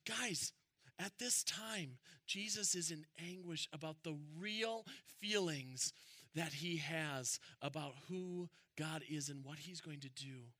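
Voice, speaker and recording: A young man preaching a sermon, conversational and animated, building to emphatic peaks. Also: fairly high pitch, slow pace, no echo. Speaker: pastor.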